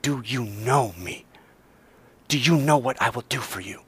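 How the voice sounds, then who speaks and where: A man voicing Jesus as gentle and loving, speaking in a soft, half-whispered tone. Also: medium pitch, a little slow, husky. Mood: tender hushed. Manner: hushed, tender, half-whispered. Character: gentle, loving Jesus comforting a sick woman.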